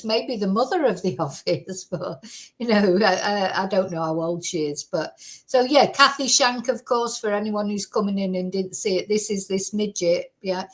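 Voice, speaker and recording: A woman, hosting and giving chatty, rambling live commentary. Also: medium pitch. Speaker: host.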